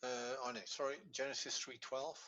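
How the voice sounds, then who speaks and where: A man takes learners through a Hebrew grammar lesson in an online class. His voice is bright and forward, and he explains each step slowly and patiently, going back over points so they stick. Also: mid-range voice, flat delivery, lo-fi sound. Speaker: Hebrew teacher. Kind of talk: online lesson, screen-sharing.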